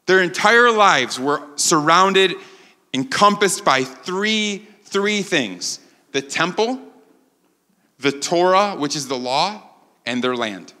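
A man preaching a sermon as pastor, animated and acting out the quotes he tells. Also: high voice, slow pace, long reverb tail. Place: church sanctuary.

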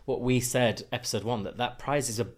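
A man's voice: medium pitch, brisk. A man co-hosting a podcast, chatting casually with sarcastic, rambling jokes. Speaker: podcast co-host. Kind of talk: casual recap chat.

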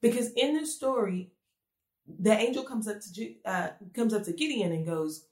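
A woman delivers a conversational devotional message in an earnest, searching way, asking question after question. Her voice sits at an ordinary middle pitch, and the room around her rings with a noticeable echo. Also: expressive, moderate pace, darkish tone. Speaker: speaker giving a devotional message. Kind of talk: conversational sermon. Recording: echoey room.

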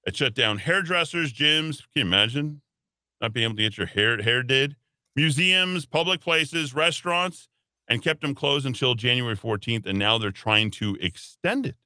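A man hosting a talk radio show, giving opinionated commentary in an animated, sarcastic, rambling way. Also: medium pitch, moderate pace, dry recording. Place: radio studio.

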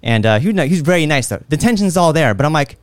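Man telling an animated story, dry sound. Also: on the high side, fast talker, dry recording. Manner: animated storyteller who acts out quotes; lots of fillers. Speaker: podcast host. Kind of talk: casual chat.

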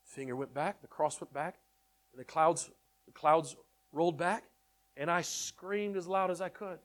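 A man telling his testimony in an animated storytelling way, excitable and repeating words in quick bursts. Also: a little high. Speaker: speaker sharing his testimony.

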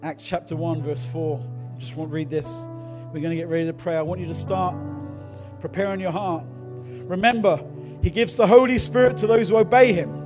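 A middle-aged man preaches with a fairly high voice, moving from easy personal stories into fervent exhortation. A faint music bed plays softly beneath his sermon. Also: normal speed. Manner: storytelling, then builds to fervent exhortation. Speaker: pastor.

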